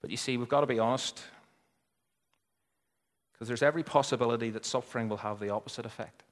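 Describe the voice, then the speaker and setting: A man preaching a sermon, swinging between loud emphatic lines and near whispers. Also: medium pitch, fast talker, long reverb tail. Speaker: pastor.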